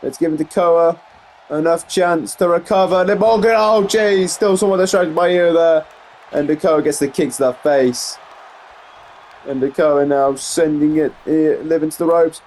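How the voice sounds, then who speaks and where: Excitable man calling video game wrestling. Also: a little high, moderate pace, a little hiss or hum. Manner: excitable, rising on big moves, rambling asides with fillers. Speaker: gameplay commentator.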